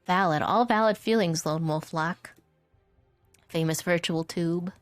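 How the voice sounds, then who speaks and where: Playful low-voiced woman streamer. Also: measured pace, no room sound, faint music behind. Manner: rambling, playful, jokey, laughs often. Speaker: vtuber streamer. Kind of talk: casual livestream chat while drawing.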